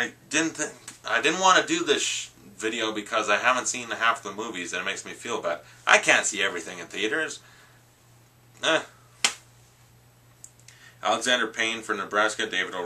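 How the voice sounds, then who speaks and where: A young man chatting casually about award winners, excitable and quick to swear, often restarting his sentences. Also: lowish voice, far from the mic. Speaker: vlogger. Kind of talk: casual movie-awards commentary.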